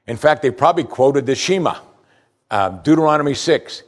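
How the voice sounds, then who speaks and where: A man preaching a sermon with emphatic delivery, swinging between loud stress and quiet asides. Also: mid-range voice, expressive, moderate pace. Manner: emphatic preaching, rising and falling in volume. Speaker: pastor.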